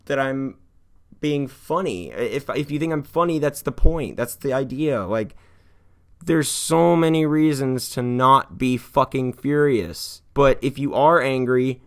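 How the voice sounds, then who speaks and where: A man in his twenties from California, talking in an earnest confessional vlog, rambling and heartfelt, swearing often and swinging between hushed and heated. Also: mid-range voice, a little slow. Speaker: YouTuber.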